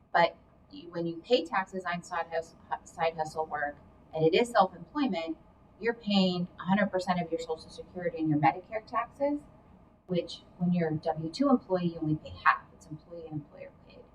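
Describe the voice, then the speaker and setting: Speaking at a moderate pace with a fairly low pitch, this career coach guest chats her way through casual advice on careers and money, explaining things and tossing in hedging asides. Her mic is distant, and faint noise sits in the background.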